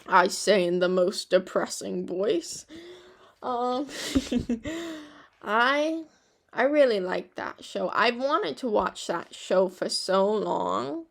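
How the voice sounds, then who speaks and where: A woman's voice: medium pitch, animated, slow pace, creaky. A young woman hosting a podcast, chatting casually in a rambling, reflective way and laughing at herself now and then. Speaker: podcast host.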